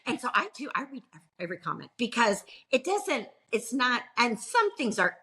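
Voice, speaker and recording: Husky-voiced middle-aged woman telling stories. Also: fairly high pitch, moderate pace. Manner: animated storyteller, laughs often. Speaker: pastor and podcast guest. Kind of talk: casual interview chat.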